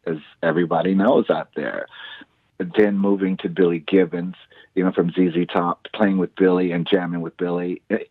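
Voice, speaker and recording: A man telling stories in a casual interview, enthusiastic and animated, acting out what others said. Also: low-pitched, slightly rough, dry recording. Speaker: musician guest, show host. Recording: tinny phone-like line.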